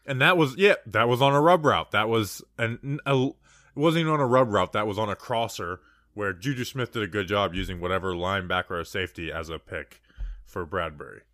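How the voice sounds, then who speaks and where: Low-voiced man rambling through sports stats. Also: a little fast, fairly bright tone, dry recording, clean studio sound. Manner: rambling, restarts a lot, leans on stats. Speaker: sports podcast co-host. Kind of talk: casual sports talk.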